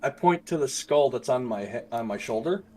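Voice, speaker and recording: A man's voice: mid-range voice, expressive, brisk, mellow. A young man playing in a live tabletop game, blunt, brash and joking as he speaks. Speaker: player.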